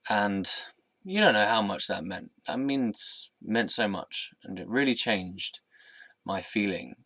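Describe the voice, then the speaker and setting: A young man telling a personal story in an earnest, reflective, soft-spoken way. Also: fairly low pitch, lively intonation, slow pace, no room sound. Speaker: vlogger.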